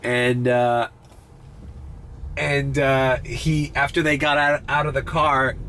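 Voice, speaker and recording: A man's voice: mid-range voice, flat delivery, slow pace. A young man, congested and sniffly, chatting casually and swearing a lot while driving at night for a rideshare vlog. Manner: laid-back, swears often, says bro. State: congested, runny nose. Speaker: rideshare driver vlogger. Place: inside a car at night. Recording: faint road and car noise.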